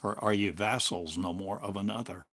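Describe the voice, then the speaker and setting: An older man giving a slow, halting spiritual monologue as a teacher, speaking in drawn-out phrases with long pauses. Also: on the low side, fairly even intonation, a bit bright. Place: home in a small town, drinking coffee.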